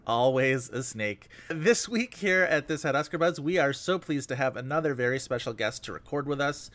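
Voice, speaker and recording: A man's voice: medium pitch, animated, fairly bright tone. A man hosting a movie podcast, bantering and joking in casual chat. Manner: jokey, quick banter. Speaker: podcast host.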